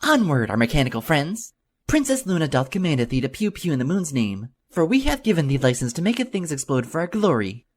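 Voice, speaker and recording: Ein Mann spielt ein freches, zwitscherndes Fohlen. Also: male voice, fairly high pitch, big pitch swings, fairly quick, pitched above the performer's own voice. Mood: mischievous. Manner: chirpy, teasing, loud. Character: playful young filly pony, mischievous. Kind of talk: audiobook reading.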